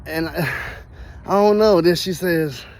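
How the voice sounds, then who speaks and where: Animated slangy man telling a story. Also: on the high side, a little slow. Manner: animated, slangy, laughs often. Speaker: vlogger. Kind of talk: casual storytelling.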